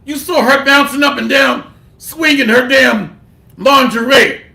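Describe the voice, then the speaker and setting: A man preaches slowly in a very high, gravelly voice with a forceful edge, reading scripture and mixing it with blunt slang and cursing. The room around him is echoey. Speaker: bible teacher. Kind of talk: street-style sermon with scripture reading.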